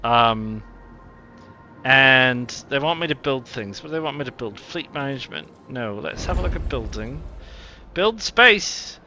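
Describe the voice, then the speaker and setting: Bright-voiced New Zealand gaming host. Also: male voice, mid-range voice, lively intonation, measured pace, soft background music. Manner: rambling, thinking aloud with many ums. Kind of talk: casual game commentary.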